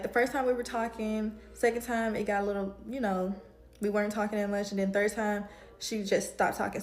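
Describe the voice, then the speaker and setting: Woman hairstylist telling a storytime, animated, echoey room sound. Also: medium pitch. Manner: animated, builds to heated retelling. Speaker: home-based hairstylist. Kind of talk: casual storytime to camera.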